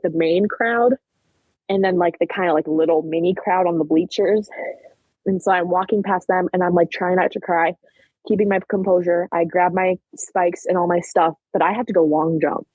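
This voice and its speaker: An eighteen-year-old woman from Minnesota tells a track-meet story with eager, tumbling energy and constant "like"s. Her voice is a little husky and breathy. The recording is dry and slightly dull. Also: lowish voice, normal speed, no echo. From Minnesota, USA. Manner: animated retelling, many fillers like "like". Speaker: guest, high school track athlete. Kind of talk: casual storytelling interview.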